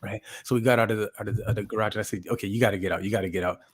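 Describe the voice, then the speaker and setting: A man's voice: fairly low pitch, fairly even intonation, rapid-fire. A man casually telling a long story on a podcast, rambling with lots of fillers and restarts and acting out what people said. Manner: rambling, full of "like" and restarts, acts out quotes. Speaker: podcast co-host.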